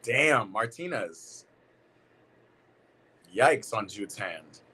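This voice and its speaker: A man hosting a football watch-party stream, chatting casually and reacting out loud with quick exclamations while he talks to his viewers. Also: on the low side, lively intonation, breathy edge, poor audio. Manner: talks to his chat by name. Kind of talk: casual live reaction commentary.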